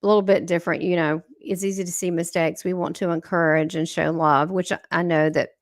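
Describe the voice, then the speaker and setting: A woman's voice: lowish voice, fairly even intonation, fairly quick, no echo, clean studio sound. A middle-aged woman, hosting a livestream as a channeler and talking to viewers in a chatty, rambling way, acting out the dialogue she quotes. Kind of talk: casual livestream talk to viewers.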